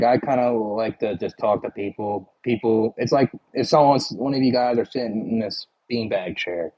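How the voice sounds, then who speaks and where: A man's voice: lowish voice, lo-fi sound. A man with a Philadelphia accent chatting casually with his livestream viewers, rambling and full of "like" and "you know".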